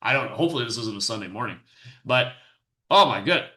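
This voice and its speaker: A man's voice: mid-range voice, lively intonation, fast talker, pushed and bright, roomy sound. A man hosting his own commentary show, reacting to video clips with exasperated, sarcastic and preachy remarks. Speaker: host and commentator.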